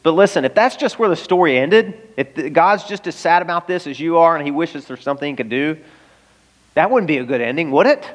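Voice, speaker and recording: A man's voice: fairly high pitch, animated, fairly quick. A male pastor preaching a sermon in an earnest, emphatic way, asking the listeners rhetorical questions. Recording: long reverb of a large hall.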